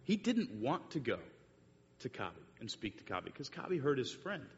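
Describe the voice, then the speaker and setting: A man's voice: big pitch swings, moderate pace. A man giving a sermon with slides, telling a long story with many fillers and restarts. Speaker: speaker giving a church talk with slides. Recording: muffled echoey hall recording with faint rumble.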